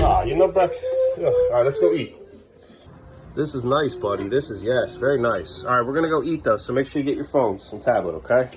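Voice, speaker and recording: A parent vlogger films his family at home for a casual vlog, talking to his kids in a sing-song voice and muttering weary asides. His voice is mid-range, animated, and brisk.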